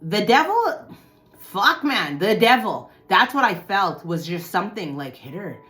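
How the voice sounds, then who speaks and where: A woman telling a personal story to her viewers in casual talk, swearing often and swinging from low muttering to loud outbursts. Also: big pitch swings, a little slow, faint music behind.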